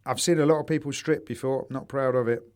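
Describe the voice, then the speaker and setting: A man's voice: medium pitch, steady tone, fast talker, a little mellow. A man co-hosting a casual podcast chat, swearing freely and telling anecdotes with quoted voices. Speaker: podcast co-host.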